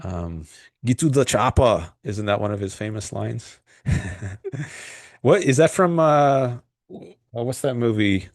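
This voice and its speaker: A man hosting a casual livestream, chatting loosely and reading out viewer comments, with many pauses, fillers and restarts. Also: medium pitch, lively intonation, no room sound, studio quality. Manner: rambling and hesitant, frequent fillers and restarts. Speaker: livestream host.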